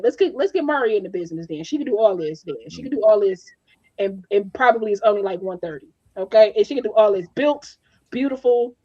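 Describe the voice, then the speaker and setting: A woman's voice: mid-range voice, warm tone, husky, dry recording, dull audio. A woman co-hosting a casual group chat, talking emphatically and repeating herself to press a point. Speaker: podcast co-host.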